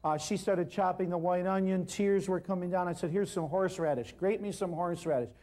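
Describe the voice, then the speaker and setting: A man giving an animated seminar talk, telling a story and addressing the audience directly. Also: sits high, a little fast. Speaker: natural healing speaker.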